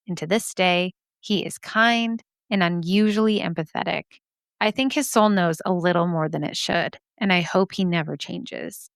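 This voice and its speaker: A woman's voice: mid-range voice, creaky, a bit bright, clean tone, no room sound, clean studio sound. A woman hosting a podcast, reading listener mail aloud and reacting in a chatty, emotional way, laughing often and swearing casually.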